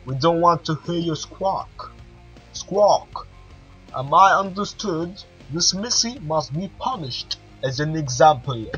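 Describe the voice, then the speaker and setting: A man voicing a bossy male army drill sergeant who shouts orders at recruits. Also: fairly high pitch, animated, slow, husky, full character voice. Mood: barking orders. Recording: dull lo-fi with faint music.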